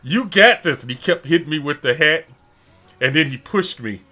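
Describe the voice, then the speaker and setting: At a moderate pace and a slightly high pitch, a middle-aged man from Detroit hosts a stream and swaps stories casually. He laughs a lot and brings quotes to life in an animated way.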